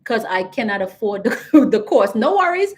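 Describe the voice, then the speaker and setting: A woman's voice: on the high side, sing-song, normal speed, a little mellow. A woman with a Caribbean accent, coaching viewers in a casual livestream and talking straight to them. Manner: chatty, addresses viewers directly, reads out comments. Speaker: business credit coach.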